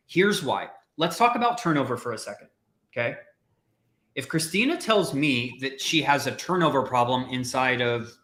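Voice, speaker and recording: A man co-hosting a career podcast, coaching listeners with emphatic, rapid rhetorical questions. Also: mid-range voice, bright, forceful tone, roomy sound. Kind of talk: energetic coaching talk.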